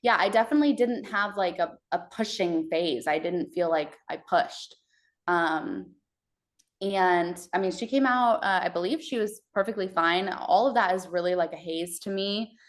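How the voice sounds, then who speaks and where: A woman from Texas recounts her birth story as a podcast guest. Her voice sits lowish, and she talks in a loose, conversational way, trailing off and restarting often. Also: moderate pace. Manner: conversational, many fillers and restarts.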